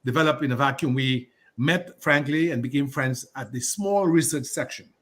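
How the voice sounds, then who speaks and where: A man, a guest on a radio talk show who reminisces in a scholarly, digressive and measured way. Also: medium pitch, fairly bright tone. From Dominica. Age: 60s.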